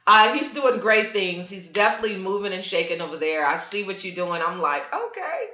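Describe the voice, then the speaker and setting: Animated woman chatting on a livestream. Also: mid-range voice, a little fast. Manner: animated storyteller, reads viewer comments aloud. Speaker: livestream host. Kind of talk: casual livestream chat. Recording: roomy, dull lo-fi stream audio.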